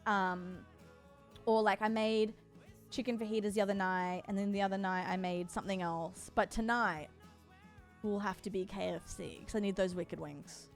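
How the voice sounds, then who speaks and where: A woman's voice: mid-range voice, steady tone, moderate pace, soft background music. A woman streaming, chatting casually with viewers in a bubbly, playful way. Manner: bubbly and playful, talks to chat. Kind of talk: casual sponsored livestream chat.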